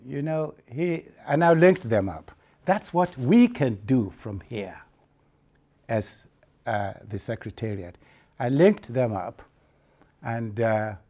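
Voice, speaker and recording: Male church leader giving an earnest, unhurried report, with a warm, soft voice. He stumbles and restarts often. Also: mid-range voice, animated. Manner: halting, with many repeated restarts. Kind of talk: spoken report to members.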